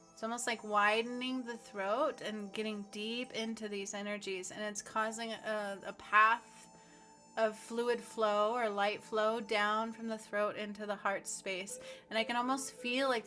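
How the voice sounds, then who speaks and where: A woman leading a guided healing meditation, speaking slowly and earnestly and reciting affirmations aloud. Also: medium pitch, bright, forceful tone. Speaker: spiritual healer.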